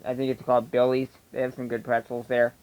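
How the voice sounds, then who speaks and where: A man with a Delco accent, the Philadelphia-area sound, delivers a blunt, opinionated rant to his viewers. His pitch sits right in the middle for a man. He talks casually and emphatically, with no polish. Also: monotone, fast, a little mellow, poor audio. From Delaware County, Pennsylvania. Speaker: vlogger. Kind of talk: casual ranting monologue.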